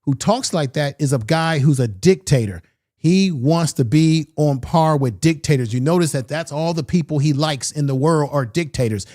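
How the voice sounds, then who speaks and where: A man's voice: a little high, moderate pace, dark tone. Emphatic man doing political commentary. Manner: emphatic, rhetorical questions. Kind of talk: opinionated commentary.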